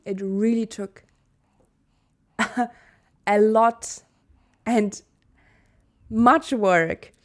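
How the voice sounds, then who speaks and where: A young woman from Germany explaining a personal-growth topic in a video lesson, earnest and candid, correcting her own slips with a laugh. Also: fairly high pitch. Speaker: Human Design teacher.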